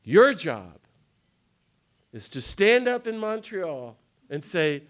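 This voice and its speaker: A man's voice: high-pitched, very animated, slow pace, long pauses. A man giving an impassioned talk to a live audience, often jumping into the voices of the people he quotes. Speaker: speaker on nonviolence. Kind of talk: animated lecture to a live audience. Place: conference hall.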